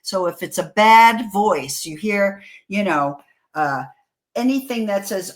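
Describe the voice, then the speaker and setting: Woman from New York, guest author, casual interview, animated storytelling, stammering restarts. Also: medium pitch, measured pace. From New York, USA.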